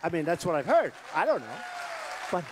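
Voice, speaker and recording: Boastful candidate with a lively, high voice. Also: male voice, brisk, a crowd in the background, noisy background. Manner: rambling, boastful, repeats himself. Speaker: political candidate. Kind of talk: campaign rally speech. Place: large rally venue. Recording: long reverb of a large hall.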